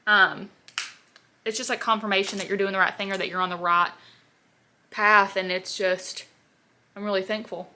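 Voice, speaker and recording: A woman's voice: mid-range voice, fairly even intonation, moderate pace, long pauses, sharp tone. A woman in her twenties, a beauty vlogger rambling through a casual get-ready-with-me chat, full of "like" fillers. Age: 20s. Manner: chatty, rambling, filler-heavy with constant "like".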